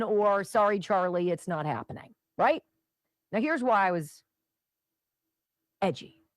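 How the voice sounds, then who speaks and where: A woman's voice: medium pitch, no echo, clean studio sound. A middle-aged woman hosting a talk radio show, rambling conversationally with restarts and asides.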